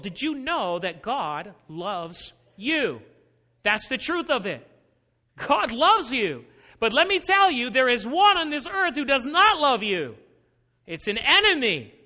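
High, bright-voiced male preacher. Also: big pitch swings, measured pace. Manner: patient, questioning, emphatic. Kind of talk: Bible-teaching sermon. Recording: long hall reverb.

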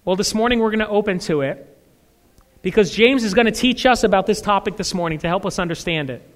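A male pastor preaching a sermon with lively delivery, his voice jumping high and loud when he acts out the voices of churchgoers. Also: quick pace. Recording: echoey hall with long reverb.

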